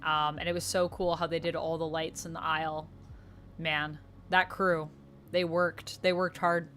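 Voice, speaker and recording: A young Canadian woman streaming casually, reading viewer comments aloud and answering them warmly. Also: deep voice, flat delivery, a little slow, a little hiss or hum. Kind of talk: casual livestream chat.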